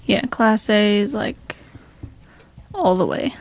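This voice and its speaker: A woman co-hosting a casual podcast, a little hoarse, chatty and laughing often as she rambles through stories. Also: mid-range voice, takes it slowly. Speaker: podcast co-host. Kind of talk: casual chat.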